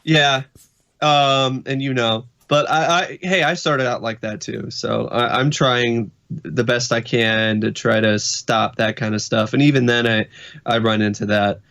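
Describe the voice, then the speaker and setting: A man's voice: mid-range voice, fairly even intonation, unhurried, a bit bright, muffled recording. A man co-hosting a podcast, talking casually with many fillers, and he swears bluntly when something angers him. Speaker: podcast co-host.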